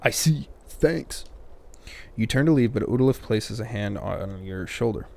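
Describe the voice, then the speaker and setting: A man's voice: fairly low pitch, animated, measured pace, vocal fry, a little mellow. A man playing through a story game, reading the dialogue aloud and cutting in with crude, joking asides. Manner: reads game dialogue, breaks off with crude jokes and muttered asides. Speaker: let's play host reading game text.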